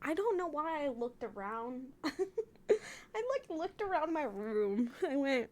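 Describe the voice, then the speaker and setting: High, lively woman streamer. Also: unhurried. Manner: laughs often, swears freely, animated and exaggerated. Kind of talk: casual live-stream chat. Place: her own room.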